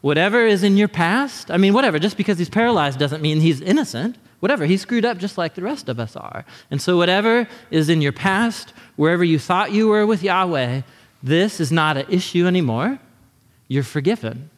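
Man, pastor, sermon, animated and chatty, fairly high voice, long hall reverb. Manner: animated, conversational, acts out quick voices.

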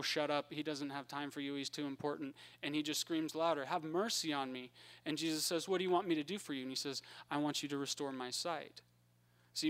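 A man preaching a conversational Bible-teaching sermon, acting out the characters in quick voices. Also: a little high, a bit bright, clean tone.

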